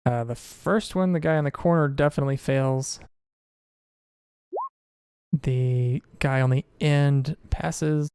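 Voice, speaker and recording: A man running a tabletop game as game master, calling out dice results and narrating what happens in a relaxed, matter-of-fact way. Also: mid-range voice, takes it slowly, pauses often, clear, resonant tone.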